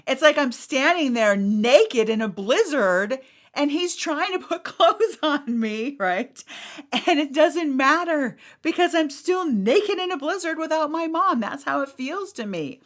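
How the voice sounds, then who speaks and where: This podcast host is a middle-aged woman with a high-pitched, animated voice who takes her time. Chatting casually, she's frank and lively, curses without holding back, and performs other people's lines.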